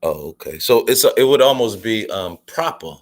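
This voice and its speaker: A man's voice: fairly low pitch, expressive, fairly quick. A man from the US, hosting a casual chat and asking laid-back questions. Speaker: host.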